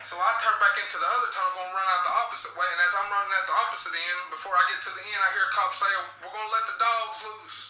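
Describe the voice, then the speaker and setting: A young man hosts a casual podcast chat, telling crude stories and laughing often. His voice is very bright and sits a bit high. It sounds distant and roomy, with a faint hiss underneath. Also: steady tone, rapid-fire, few pauses, faint music behind. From southwest Virginia.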